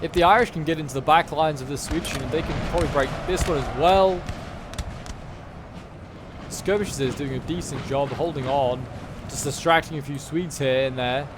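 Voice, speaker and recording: A man's voice: a little high, moderate pace, background noise. Chatty man calling a game battle. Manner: chatty play-by-play, wry asides. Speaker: gameplay commentator. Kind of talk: strategy game battle commentary.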